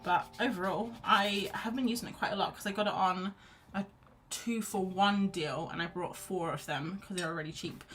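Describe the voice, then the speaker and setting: A woman's voice: mid-range voice, steady tone, moderate pace, a bit bright, soft background music. A woman hosting a casual live painting chat, chatty and self-deprecating, laughing often. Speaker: art livestream host.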